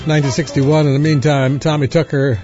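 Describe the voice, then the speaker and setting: A man's voice: fairly high pitch, level tone, brisk, dull audio, over music. A man working as a radio DJ, making a casual fundraising appeal on air, who repeats details and drifts into tangents. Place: radio studio.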